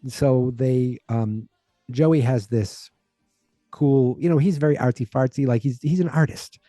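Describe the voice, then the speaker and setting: A man hosting a podcast, casually recapping a sitcom episode in a rambling way and jumping into a higher voice to quote the characters. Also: a little slow, warm tone, dry recording, soft background music. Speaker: podcast host.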